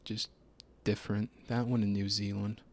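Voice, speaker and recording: Laid-back young man with a gravelly voice. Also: lowish voice, flat delivery, moderate pace, a little mellow. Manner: laid-back, hesitant, trailing off. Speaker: podcast co-host. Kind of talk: casual chat.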